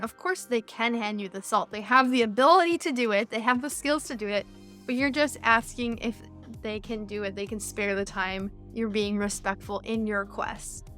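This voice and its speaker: A woman's voice: fairly high pitch, a bit bright. A woman teaching English in an online lesson, patiently explaining phrases step by step with many examples.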